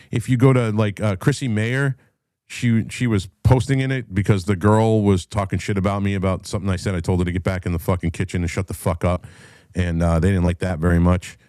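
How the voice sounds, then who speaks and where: A middle-aged man hosting his own show, ranting with heavy swearing, going from low muttering to loud heated bursts. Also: no room sound, clean studio sound. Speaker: podcast host. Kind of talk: profane ranting commentary.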